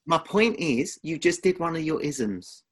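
A man's voice: fairly high pitch, sing-song, measured pace, breathy edge. A man with an Essex accent co-hosting a podcast in casual chat, teasing and protesting dramatically. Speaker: podcast co-host.

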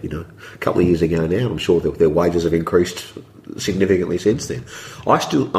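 A property developer appearing as a podcast guest rambles through his points in conversational interview talk, voicing his own thoughts as quotes. His mid-range voice has vocal fry and a darkish tone, with a roomy echo around it.

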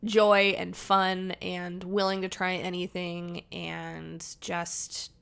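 A woman's voice: on the low side, flat delivery, slow, gravelly, fairly bright tone, clean tone. A woman guest on a podcast, playful and bubbly, joking and laughing a lot. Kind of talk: casual conversational podcast.

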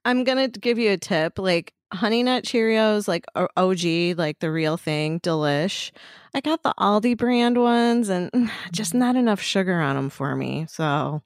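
A woman's voice: mid-range voice, lively intonation, measured pace, clean tone, no echo, clean studio sound. A middle-aged woman co-hosting a casual chat, telling stories with frequent laughter and free swearing. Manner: chatty storyteller, laughs often, swears freely. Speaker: podcast co-host.

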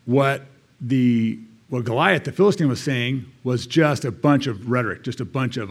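A man's voice: mid-range voice, moderate pace, breathy edge. An American man, a church elder, giving a conversational sermon, reading scripture aloud and adding casual asides.

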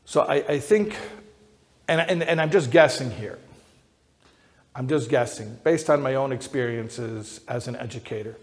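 A man who is an educator, giving a lecture that builds to emphatic high peaks, often repeating and restarting words as he thinks aloud. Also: unhurried, pauses often. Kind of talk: lecture to an audience. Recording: long hall reverb.

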